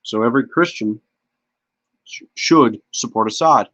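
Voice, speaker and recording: A man's voice: mid-range voice, a little slow, fairly bright tone, dry recording. A man hosting a casual podcast, talking bluntly with swearing and stammered restarts. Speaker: podcast host. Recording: dull lo-fi audio.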